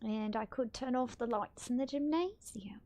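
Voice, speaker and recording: A woman's voice: on the high side, normal speed, warm tone. A young woman streaming a video game, thinking aloud in a chatty, self-mocking way. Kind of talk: casual gameplay commentary.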